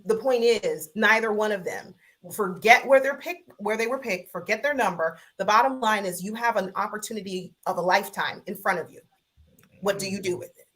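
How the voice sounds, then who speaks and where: A woman on a video call, a podcast guest in casual sports talk, measured and lawyerly, repeating her points. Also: medium pitch, fairly bright tone.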